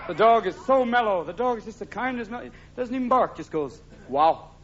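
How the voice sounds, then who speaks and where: Manic high-voiced male comedian. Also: lively intonation. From United States. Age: 30s. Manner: rapid, manic, leaps into character voices. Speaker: stand-up comedian. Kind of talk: live stand-up comedy. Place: theatre stage before a live audience. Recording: lo-fi live stage recording with loud audience.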